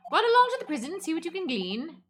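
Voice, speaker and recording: A woman putting on a pompous, vain gentleman detective. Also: big pitch swings, very fast. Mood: breezy, haughty. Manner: theatrical, lowered voice, posh and airy. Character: pompous eccentric male detective, vain and dismissive.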